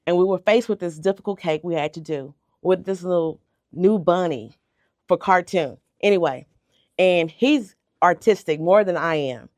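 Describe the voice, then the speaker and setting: Her voice fairly low and darkish, a middle-aged woman who owns a bakery shares a heartfelt, emotional story as a radio interview guest. The studio mic keeps her sound close and dry without echo, and now and then she repeats words as she collects herself.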